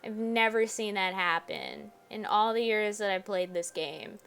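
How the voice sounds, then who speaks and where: A woman hosting a gaming video, chatting through her playthrough, laughing often and bursting into loud exclamations. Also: medium pitch, unhurried, smooth. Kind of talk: let's play commentary.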